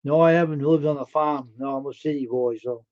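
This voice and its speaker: A man's voice: mid-range voice, steady tone, fairly quick, darkish tone, lo-fi sound. A man hosting a live stream, chatting casually and folksily with his viewers and answering their comments.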